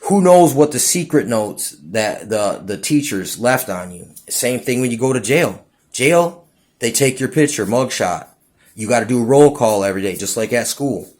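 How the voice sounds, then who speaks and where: A man's voice: mid-range voice, animated, normal speed, darkish tone. A man rambling through a casual monologue, stumbling over his words and saying "dude" and "you know what I'm saying" again and again. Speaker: vlogger.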